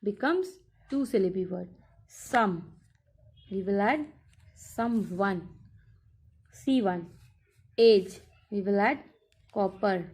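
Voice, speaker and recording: A woman teacher explaining workbook exercises in a recorded lesson, slowly and step by step, repeating her instructions. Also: mid-range voice, a little mellow, a little hiss or hum.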